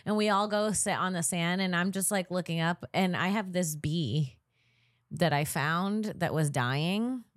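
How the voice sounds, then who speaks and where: A woman comedian and podcast co-host, telling a story in casual chat, animated and full of "like". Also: fairly low pitch, unhurried, no room sound, studio quality. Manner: animated storyteller, heavy use of "like".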